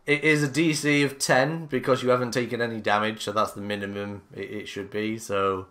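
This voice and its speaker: A man narrating as game master of a tabletop game, unhurried and hesitant with many fillers. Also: fairly low pitch, little pitch movement, a bit bright.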